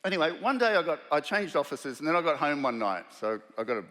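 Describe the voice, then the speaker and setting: A man's voice: on the high side, very animated, quick pace, a bit bright. A man with an Australian accent telling a personal story to a live audience, acting out the voices of the people in it. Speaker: keynote speaker. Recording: long hall reverb.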